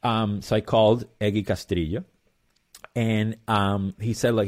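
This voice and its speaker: A man with a somewhat low voice recounts his own story as an interview guest. He talks loosely and casually, drifting through asides and fillers as he goes. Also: little pitch movement, moderate pace, darkish tone. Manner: rambling, loose, lots of fillers and "blah blah". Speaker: percussionist guest.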